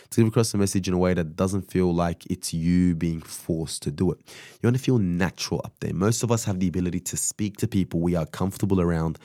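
A man's voice: low voice, dark tone, no echo, clean studio sound. A man giving an instructional talk on public speaking, emphatic and repeating phrases for rhythm.

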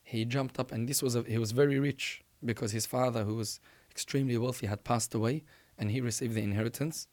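A man preaching, telling a religious story in an animated, emphatic way and often restarting his sentences. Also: medium pitch, fairly quick.

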